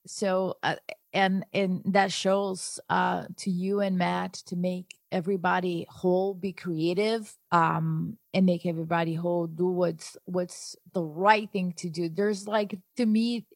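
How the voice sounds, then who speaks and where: A woman's voice: lowish voice, fairly even intonation, a little slow, creaky, no room sound, studio quality. A woman hosting a podcast, responding with affirming, reflective comments in casual conversation. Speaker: podcast host.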